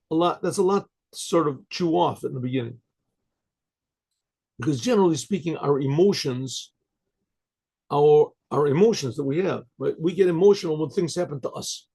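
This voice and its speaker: An older man, a rabbi, giving a Torah lecture, translating Hebrew phrases into English and pausing often to ask "right?". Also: a little high, creaky, dark tone, slightly rough.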